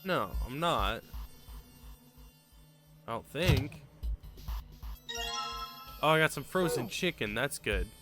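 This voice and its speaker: A man's voice: mid-range voice, lively intonation, slow, pauses often, sharp tone. A man streaming a puzzle game, reading its dialogue aloud and muttering frustrated, casual remarks. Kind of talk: casual let's-play commentary. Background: game music.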